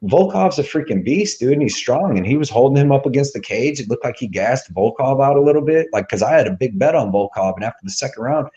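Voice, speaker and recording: A man's voice: mid-range voice, lively intonation, fast, few pauses, warm tone, muffled recording. A man co-hosting a live betting show, talking fight picks in a loose, rambling way with lots of "dude" and "you know what I mean.". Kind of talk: casual sports betting chat.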